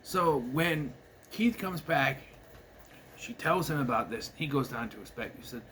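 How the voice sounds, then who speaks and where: A man's voice: mid-range voice, expressive, a little slow, fairly bright tone, slight background noise. A man casually recapping a horror movie at home, rambling with lots of fillers and restarts. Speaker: movie reviewer. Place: home with his dog asleep nearby.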